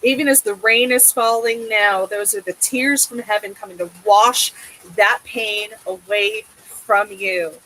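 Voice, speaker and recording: A woman's voice: medium pitch, steady tone, a little slow, sharp tone, low-quality recording. A woman giving a tarot reading in a casual, emotive way, swearing often and checking in with a soothing "okay?". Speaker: tarot reader.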